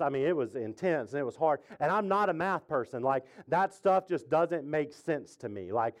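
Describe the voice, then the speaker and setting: A man's voice: a little high, a little mellow. A male pastor preaching a casual, joking sermon to his congregation and asking them questions. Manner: chatty, jokey, asks the congregation questions. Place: church sanctuary with congregation.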